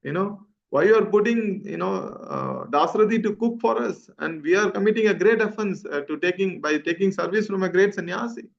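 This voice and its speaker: A man's voice: high voice, fairly quick, vocal fry, hardly any pauses, pitched above the performer's own voice. A man voicing a distressed young married woman who pleads and complains, over a muffled lo-fi video call. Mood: pleading.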